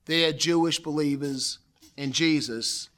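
A man's voice: a little high, a little slow, sharp tone. A man teaching a lecture on Bible history, explaining in a conversational way, repeating points and reading scripture aloud.

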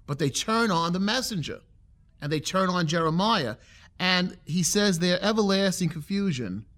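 A man preaching an expository sermon in a somewhat higher-pitched voice. He reads scripture with building force, then drops low and quiet to explain each line. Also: lively intonation, normal speed. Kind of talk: sermon, expository Bible teaching.

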